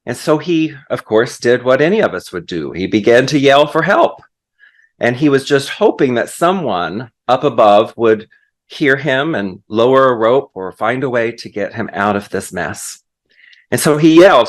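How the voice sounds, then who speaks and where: A man's voice: mid-range voice, expressive, unhurried. A man preaching as a guest minister, leading a prayer and then telling a story in a sermon.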